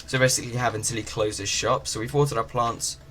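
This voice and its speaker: A man's voice: medium pitch, steady tone, quick pace. Chatty man commentating a farming game. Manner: chatty, rambling, with many fillers. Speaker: gaming channel host. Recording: game ocean noise behind.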